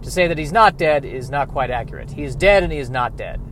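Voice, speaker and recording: A grieving man talking through a reflective personal monologue, halting and rambling, with self-deprecating asides. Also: on the high side, animated, fairly bright tone, slight background noise.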